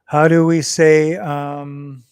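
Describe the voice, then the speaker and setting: Dad-host, unhurried and coaxing, voice sits a touch high, casual home vlog. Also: male voice, level tone, darkish tone, clear, resonant tone. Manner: patient, coaxing, repeats phrases slowly. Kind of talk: casual family vlog, teaching phrases.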